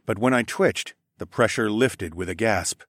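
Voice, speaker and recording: A male audiobook narrator telling a first-person fantasy story with expressive delivery. His voice sits on the low side. The recording is dry and close. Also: moderate pace, dry recording.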